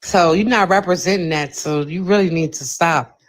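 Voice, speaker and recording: A woman's voice: on the low side, normal speed. A woman in a live stream debate, preachy and scolding.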